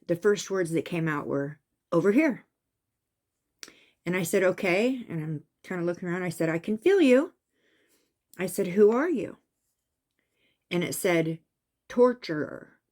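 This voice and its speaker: Emphatic woman telling a spooky story. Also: on the low side. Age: adult with a son. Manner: animated, emphatic, raising voice at tense moments. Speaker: vlogger recounting a psychic experience. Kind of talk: casual storytelling monologue.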